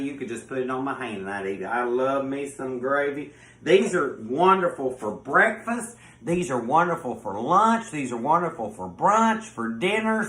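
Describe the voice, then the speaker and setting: Effusive Southern man, bright and high. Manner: folksy, effusive, calls viewers honey. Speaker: cooking show host. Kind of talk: home cooking show presenting. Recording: echoey room.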